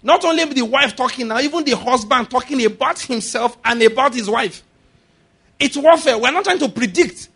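A man preaching a sermon, laughing often and building to shouted declarations. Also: extremely high pitch, expressive, normal speed, slightly rough.

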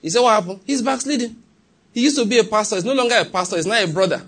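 A man with a Nigerian English accent delivers a sermon with emphatic, pressing conviction. His voice sits a little high and carries a husky, breathy edge. He keeps pausing to ask whether his listeners are following. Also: animated, fairly bright tone. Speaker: pastor.

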